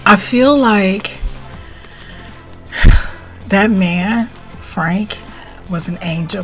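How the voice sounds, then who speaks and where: A middle-aged woman telling a personal story on her video blog, swinging between plain recollection and tearful, animated outbursts. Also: slow pace, pauses often, faint music behind. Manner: emotional, animated retelling with rising pitch and tearful outbursts. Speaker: spiritual vlogger.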